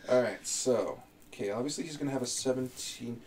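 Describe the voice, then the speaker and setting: A man's voice: mid-range voice, moderate pace, darkish tone, recorded from a distance. A man from Canada, chatting casually on a live stream in a rambling, self-mocking way while he builds a character.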